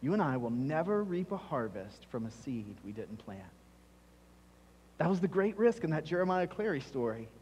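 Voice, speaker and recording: Emphatic pastor preaching in a reverberant church. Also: male voice, on the high side, big pitch swings, moderate pace, darkish tone, husky. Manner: emphatic, repeats key phrases for stress. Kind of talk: sermon. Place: church sanctuary. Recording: long reverb of a church hall.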